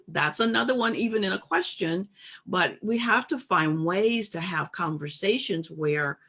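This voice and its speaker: A woman's voice: medium pitch, lively intonation, normal speed, a bit bright, husky. A woman co-hosting a casual discussion, reflective and emphatic, making her points carefully. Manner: reflective, emphatic, acts out quoted remarks. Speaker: co-host.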